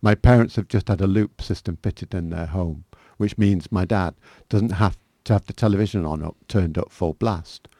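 A man's voice: deep voice, moderate pace, few pauses, dark tone, dry recording. A man reading a personal memoir aloud as a guest, with dry, self-mocking humour. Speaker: guest author reading his work.

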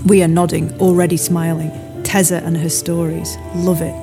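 A woman's voice: fairly low pitch, level tone, moderate pace, few pauses, warm tone, faint music behind. A woman narrating an audiobook in a plain, matter-of-fact present tense. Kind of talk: scripted narration.

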